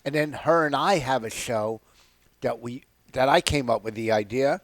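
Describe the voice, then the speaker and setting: A man's voice: medium pitch, normal speed, no echo. A man, a comedian, telling stories in a casual radio talk and laughing often. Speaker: guest comedian.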